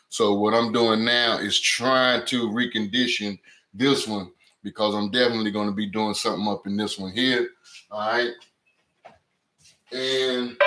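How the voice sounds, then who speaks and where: A man with a fairly low, fairly bright voice hosts his cooking channel's home live stream in casual conversation. Greeting viewers by name, he repeats "you know what I'm saying" often, and the camera mic on its stand records a roomy echo.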